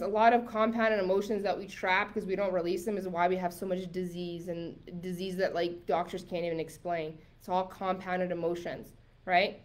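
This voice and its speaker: A woman's voice: mid-range voice, a little mellow. Woman, coach, live online class, chatty, emphatic, filler-heavy. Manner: chatty and emphatic, many likes and rights; reads viewer comments aloud.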